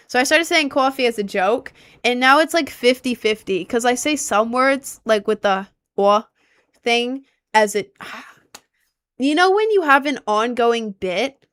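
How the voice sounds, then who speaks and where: Young woman gaming streamer, American with faint Southern and New York color, somewhat high, smooth voice, excitable. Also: measured pace. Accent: American with slight Southern and New York touches. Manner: excitable, shrieks and repeats exclamations. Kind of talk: casual live-stream chat.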